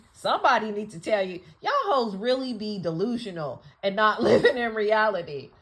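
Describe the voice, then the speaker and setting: A woman hosting her channel, delivering a blunt, profane, scolding rant that swings between loud outbursts and quiet asides. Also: mid-range voice. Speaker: channel host. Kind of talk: casual rant monologue.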